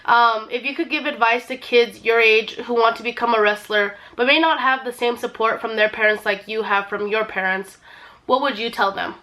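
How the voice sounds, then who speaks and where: A woman hosting a casual interview, asking a question in a friendly, measured way. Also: a little high, steady tone, bright, forceful tone, low-quality recording. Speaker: interviewer and channel host.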